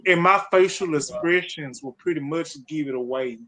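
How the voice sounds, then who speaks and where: A soft-spoken man in casual conversation, talking quietly about himself. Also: a little high, moderate pace, slight background noise, low-quality recording. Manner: quiet, soft-spoken, self-describes as shy. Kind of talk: casual chat.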